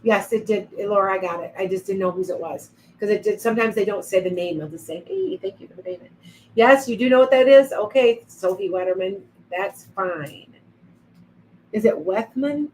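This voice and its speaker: A woman's voice: mid-range voice, normal speed, darkish tone, a little hiss or hum, rough recording. A middle-aged woman hosting a casual psychic livestream, rambling and reading out viewer comments as they come in. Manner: chatty, rambling, reads viewer comments aloud. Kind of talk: casual live-stream chat.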